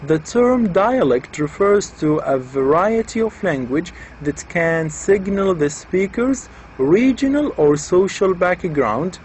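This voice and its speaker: A man's voice: high voice, lively intonation, takes it slowly, darkish tone, a little hiss or hum, rough recording. A man giving an explanatory lecture, patiently repeating and rephrasing each point with examples.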